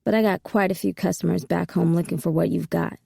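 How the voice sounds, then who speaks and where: A woman's voice: fairly low pitch, steady tone, brisk, vocal fry, mellow, slightly rough, no room sound, studio quality, heavily acted. A woman voicing a cocky streetwise hustler. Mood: commanding. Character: smooth, confident male street hustler.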